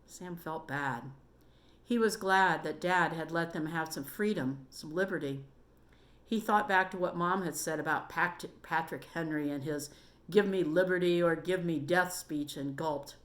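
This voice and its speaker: A woman reading a children's book aloud in a steady, measured storytelling manner. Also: deep voice.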